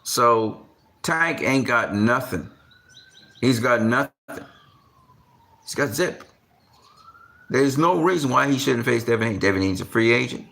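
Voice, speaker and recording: A man giving casual boxing commentary, repeating himself and piling on slang as he rants in disbelief. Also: vocal fry. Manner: repetitive, exasperated rants with slang; gets louder and higher when worked up. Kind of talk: animated boxing talk.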